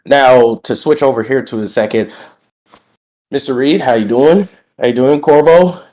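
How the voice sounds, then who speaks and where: A young man cuts a brash wrestling promo, stretching out his greetings and boasting loudly. He is getting over a bout of sickness. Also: medium pitch, normal speed. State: recovering from being sick. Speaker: wrestling roleplayer cutting a promo.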